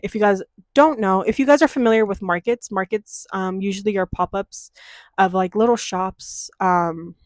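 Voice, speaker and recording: Young woman vlogger, dramatic and cussing, mid pitch, dry room. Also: moderate pace, no room sound. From Denver, USA. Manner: animated, profane, dramatic storytelling with quoted voices. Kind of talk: casual storytime chat.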